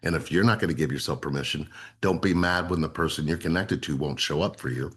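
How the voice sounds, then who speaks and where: A relationship coach and co-host with an extremely low, husky voice talks fast in a casual, earnest, explanatory way. He repeats himself often for emphasis, walking listeners through his program.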